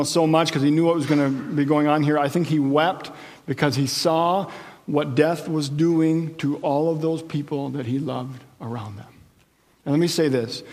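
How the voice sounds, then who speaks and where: High-voiced preaching man in a hall. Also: a little mellow. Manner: conversational preaching, checks in with listeners. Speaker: pastor. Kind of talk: sermon.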